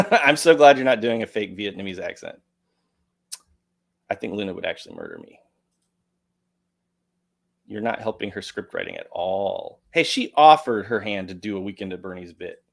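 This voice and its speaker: A man's voice: lowish voice, wildly swooping pitch, moderate pace, vocal fry, pauses often. An American man hosting a livestream, chatting casually and jokingly as he reads out donations. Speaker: livestream host. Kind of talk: casual chat, reading donations.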